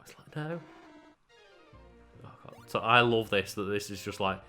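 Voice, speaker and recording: Bright-voiced hesitant man playing a game. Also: fairly low pitch, animated, normal speed, faint music behind. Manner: hesitant, full of fillers and restarts. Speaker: let's play co-host. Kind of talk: casual gameplay commentary.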